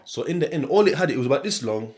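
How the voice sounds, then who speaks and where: A man's voice: medium pitch, expressive, fast talker, darkish tone. A young man with a broad Sheffield accent rambles through a loose, casual monologue on his podcast. He swears freely, laughs often, and keeps circling back on himself mid-thought. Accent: Sheffield English. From England. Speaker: podcast host.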